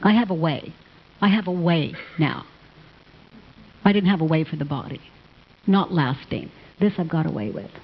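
A woman teaching a live audience, answering questions in a gentle, affectionate manner and calling people honey. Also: sits low, moderate pace, pauses often, slight background noise. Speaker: self-inquiry teacher. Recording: dull lo-fi sound.

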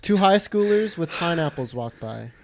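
A woman's voice: lowish voice, animated, normal speed. A woman setting up scenes for an improvised comedy sketch in short asides. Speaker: scene-setter in a comedy podcast. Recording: noisy background.

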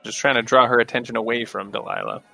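Bright-voiced joking male player. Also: mid-range voice, sing-song, quick pace, creaky, soft background music. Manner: jokey, rambling. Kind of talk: casual chat at a game table.

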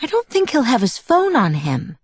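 A woman's voice: fairly high pitch, wildly swooping pitch, normal speed, slightly rough, dry recording, voice pushed up, heavily acted. Woman doing a playful teasing young woman. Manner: light, teasing.

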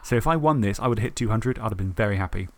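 Animated man retelling a tabletop match. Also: on the low side, racing, a little hiss or hum. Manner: animated storytelling, swearing, acts out his own thoughts. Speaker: podcast co-host. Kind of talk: casual tabletop game recap.

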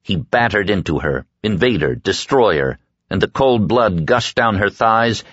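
Steady and measured, a male narrator with a very low, deep voice reads an audiobook script. Recorded close to the microphone, the audio is dull, lo-fi and fully dry, without any room sound.

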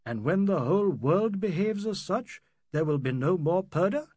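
A male narrator voices a composed Englishman in an audiobook, speaking in an understated, measured way. The voice is husky and sits a little high, and it is recorded dry and close. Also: big pitch swings, darkish tone, dry recording, exaggerated voice. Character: composed middle-aged Englishman, reserved and fair.

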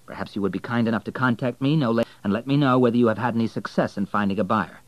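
A man reading an audiobook, voicing a young male banker with a measured, formal, controlled delivery. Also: medium pitch, no echo, lightly acted, rough recording. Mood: calm.

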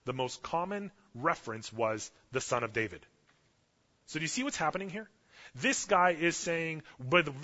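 A man in his thirties from Canada preaches in a lively, conversational storytelling style. His voice sits a little high and sounds bright and forceful. The audio is dull and lo-fi, with a long reverb from the church. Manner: animated storytelling preacher, casual fillers. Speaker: pastor. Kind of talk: sermon. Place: church sanctuary.

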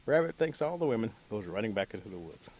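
A man telling a folktale aloud as a storyteller, animated and voicing each character. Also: lowish voice, quick pace, slight background noise.

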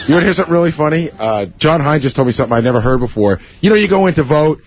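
A man on a radio show telling stories in a rushed way, full of restarts. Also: a little high, expressive, slightly rough. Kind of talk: radio talk banter. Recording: dull dry radio broadcast.

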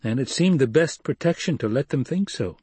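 Brief: hard young commander, calm and level, male audiobook narrator's husky tone, dry close sound. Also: medium pitch, brisk, no room sound, voice pushed up. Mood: commanding. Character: young man, hardened desert leader, cool and commanding.

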